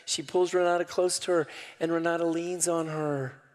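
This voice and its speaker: An older man preaching a sermon, folksy and calling the crowd y'all, rising loudly when he quotes scripture. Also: a little high, flat delivery, moderate pace. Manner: preaching with sudden loud rises to quoted scripture. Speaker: pastor. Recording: long hall reverb.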